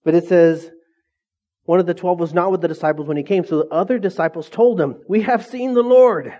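A man preaching a sermon as pastor, casual and energetic, full of questions to the congregation. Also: fairly high pitch, fairly quick, lo-fi sound.

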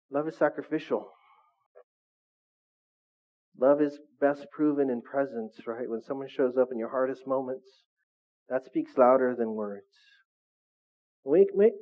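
A middle-aged male pastor preaching a sermon in a conversational way, often asking his listeners questions. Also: medium pitch. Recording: phone-like narrow sound.

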